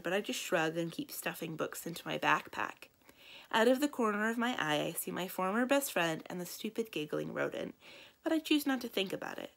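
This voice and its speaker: A woman librarian reading a children's novel aloud in a lively, expressive storytelling voice. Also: creaky. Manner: lively, expressive storytelling with big swings in pitch and loudness.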